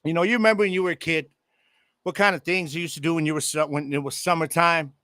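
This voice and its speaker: A man in his forties hosts a casual football podcast from his home, chatting straight to his listeners in a loose, excitable way full of slang. His voice is bright and forceful and sits a little high for a man. The sound is dry and close, with no room echo. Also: quick pace, clean tone. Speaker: podcast host. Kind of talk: casual sports podcast monologue. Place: home room with air conditioning.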